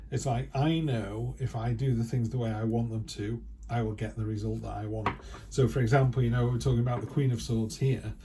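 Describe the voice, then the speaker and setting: A man's voice: medium pitch, mellow, a little hiss or hum. A man giving a casual, chatty tarot reading who acts out quoted remarks in other voices. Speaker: tarot reader.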